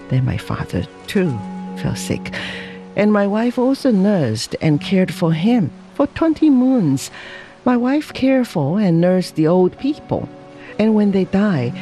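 Storybook father, dignified and solemn, measured and earnest, as a male reader plays him, slow delivery. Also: fairly high pitch, dark tone. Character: calm dignified Chinese merchant father.

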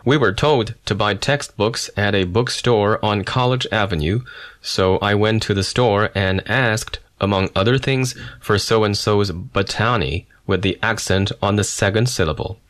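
A man with a fairly low voice reads a first-person memoir as an audiobook narrator. His delivery is measured and storytelling, steady from line to line.

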